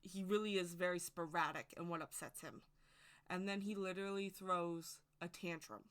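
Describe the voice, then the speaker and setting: A woman's voice: fairly low pitch, steady tone, moderate pace, fairly bright tone, clear, resonant tone. A woman giving a casual, rambling opinion monologue to camera as a witchcraft video creator, speaking emphatically and straight to her viewers.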